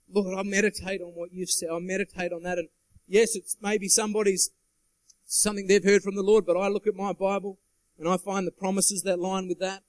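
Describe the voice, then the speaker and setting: A guest preacher delivers a sermon to a church congregation, an earnest man whose voice sits high for a man and is a little mellow. He's sweating as he presses his points home with emphasis and calls out for his listeners' agreement. The recording is dry and close, with little room echo.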